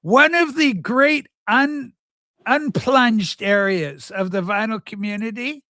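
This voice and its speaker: A man's voice: sits high, takes it slowly, sharp tone, dry recording, clean studio sound. A man hosting a livestream in a campy, rambling chat, telling stories in a flamboyant persona. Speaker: livestream host. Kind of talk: casual chat.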